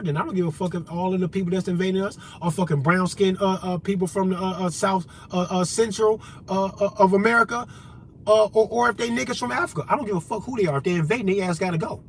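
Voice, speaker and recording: A man's voice: a little high, a little hiss or hum. Heated, confrontational man ranting. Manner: profane, confrontational, heated, addresses listeners directly. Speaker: vlogger. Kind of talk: unscripted monologue rant.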